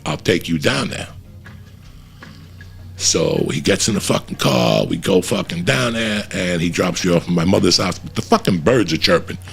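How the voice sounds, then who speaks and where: A middle-aged man telling a profane, animated story in a casual way and acting out the voices of the people in it. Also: low-pitched, moderate pace, gravelly, few pauses, soft background music. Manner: profane, animated, acts out voices in his stories. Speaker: comedian storyteller.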